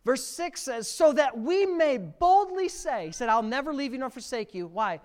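Male pastor, middle-aged, sermon delivery, stage mic, pitch jumps way up at the peaks. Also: animated, normal speed, few pauses. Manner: preaching with sudden loud rises to near shouting.

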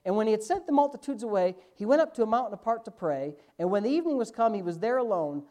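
A man preaching a sermon as pastor, emphatic, slipping from quick asides into loud, drawn-out stresses. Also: sits high, expressive.

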